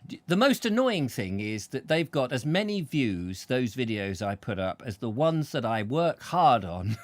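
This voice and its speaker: A man's voice: medium pitch, big pitch swings, unhurried, no room sound. A man hosting a casual chat show, rambling through anecdotes and chuckling as he tells them. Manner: rambling anecdotes with laughs, acts out voices. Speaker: host.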